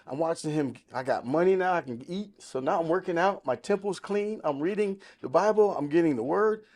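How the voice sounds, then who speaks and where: A man's voice: on the high side, brisk, a little mellow. A man of sixty telling his life testimony in casual podcast talk, emphatic and storytelling, quoting the people in it. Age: 60s. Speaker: podcast guest.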